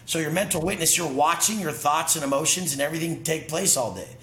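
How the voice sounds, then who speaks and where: Man, interview guest, intense, profane, emphatic, higher voice, echoey room. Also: fast talker, pushed and bright, slight background noise. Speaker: podcast guest. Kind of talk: casual interview talk.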